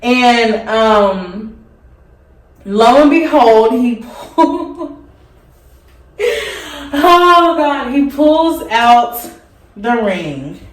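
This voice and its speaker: A young woman vlogger telling a story in a chatty, rambling way while doing her makeup, with lots of "like" fillers. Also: on the high side. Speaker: beauty vlogger. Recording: echoey room, mic at a distance.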